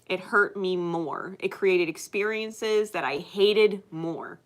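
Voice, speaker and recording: A woman's voice: medium pitch, takes it slowly. A woman giving a casual spiritual reading to her viewers, emphatic, swearing constantly and laughing often. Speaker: spiritual card reader. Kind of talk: casual unscripted monologue to viewers.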